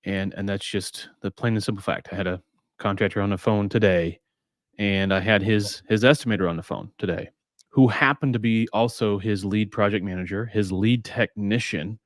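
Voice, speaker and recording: Man host, low voice, blunt and salty, dry close sound. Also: steady tone, normal speed, no echo. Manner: blunt, swears casually. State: out of breath. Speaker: podcast host. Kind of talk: casual roundtable chat.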